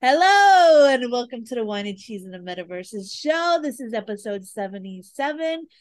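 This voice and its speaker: A woman hosting a podcast in casual chat, bubbly and quick to laugh. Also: mid-range voice, darkish tone, a little hiss or hum. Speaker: podcast host.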